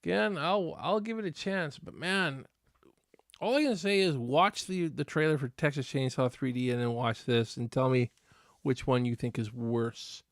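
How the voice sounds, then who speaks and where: A man's voice: mid-range voice, normal speed, no room sound, clean studio sound. A man hosting a casual live stream reaction, chatting to viewers in a rambling, easygoing way with many restarts.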